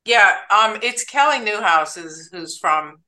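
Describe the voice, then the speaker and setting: A woman with a bright, clear-edged voice hosts a podcast. She talks chattily and upbeat, and she stumbles over a name now and then. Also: mid-range voice, expressive, unhurried, rough recording. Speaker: podcast host. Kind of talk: casual interview.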